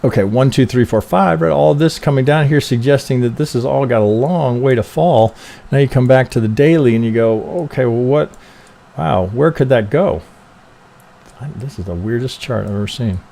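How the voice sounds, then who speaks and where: A man reviews trading charts on a live stream, thinking aloud casually, swearing freely and tossing in "right?" after nearly every point. His mid-range voice is gravelly and warm, moving a little fast.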